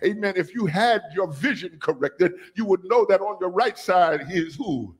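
A man preaching a sermon as bishop, calling on the congregation to repeat after him and rising to shouts. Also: sits high, expressive, normal speed, slightly rough. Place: church sanctuary.

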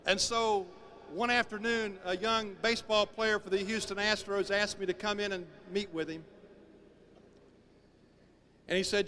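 A man giving a sermon-style talk, telling stories with emphatic, animated delivery. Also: high voice, a little slow, long pauses, a little hiss or hum. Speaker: speaker.

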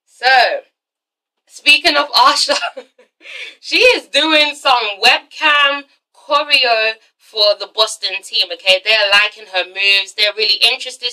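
A young woman with a high, bright voice, casually reviewing a TV episode for her vlog. She is sassy and swears freely, tagging nearly every point with a pointed "okay?". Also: low-quality recording. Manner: sassy, profane, tags lines with "okay?".

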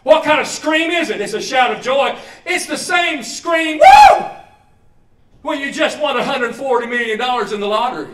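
A man preaching a sermon in a church, moving from low steady talk to loud joyful shouts. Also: fairly quick, hardly any pauses, roomy sound, far from the mic. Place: church hall.

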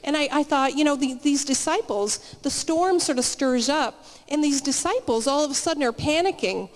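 At a live meeting in a reverberant church hall, a woman speaks as a guest, her voice high-pitched at normal speed. She gives a chatty, story-filled sermon and often restarts her sentences.

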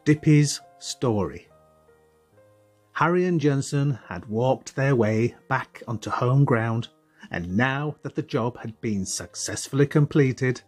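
A man narrating a children's audiobook in a steady storytelling voice. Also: mid-range voice. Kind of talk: scripted narration.

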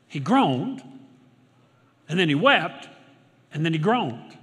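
Older pastor preaching in a reverberant church. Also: male voice, on the high side, very animated, a little slow, pauses often, breathy edge. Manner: preaching with big swings from shouts to hushed murmurs. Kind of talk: sermon. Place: church sanctuary. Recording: long hall reverb in a church.

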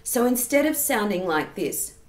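A woman's voice: medium pitch, sing-song, normal speed, reverberant. A woman giving an online singing lesson, explaining technique and stopping to sing short demonstration phrases. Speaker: singing teacher.

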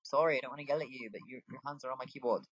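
A man's voice: medium pitch, fairly even intonation, racing, fairly bright tone, slightly rough, no room sound. A man giving casual, joking let's-play commentary at home. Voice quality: chatty, joking, talks to his pet. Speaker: gamer. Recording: dull dry home mic.

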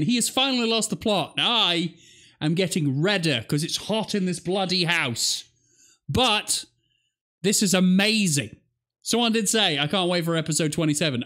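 A man's voice: sits high, sharp tone. Incredulous, swearing English man reacting. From England. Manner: incredulous, swearing, rambling jokes. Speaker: reaction video host. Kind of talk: casual reaction commentary.

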